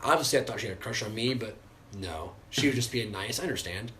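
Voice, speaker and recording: A young man co-hosting a podcast, telling animated stories with lots of laughing and swearing. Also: fairly low pitch, fast, slight background noise. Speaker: podcast co-host. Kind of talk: casual chat.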